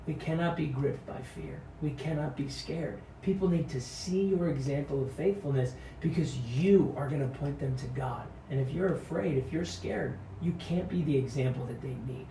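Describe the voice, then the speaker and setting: A man's voice: fairly high pitch, mellow, slight background noise. A man giving an earnest devotional sermon that urges courage and repeats key phrases, recorded off-mic in a room. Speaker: pastor. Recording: echoey room, mic at a distance.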